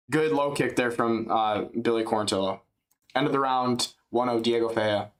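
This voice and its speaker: A man's voice: mid-range voice, unhurried. Man doing rambling casual fight commentary. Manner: rambling, chatty, jumps up in excitement at big strikes; drowsy and yawning at times. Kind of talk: casual live play-by-play commentary.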